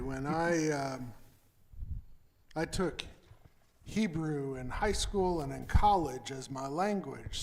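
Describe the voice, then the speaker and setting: A man from Texas with a Texas accent, a rabbi leading a service in a synagogue and telling a story in a slow, relaxed way. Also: fairly high pitch. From Texas, USA. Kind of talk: leading prayer with a told anecdote. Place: synagogue sanctuary.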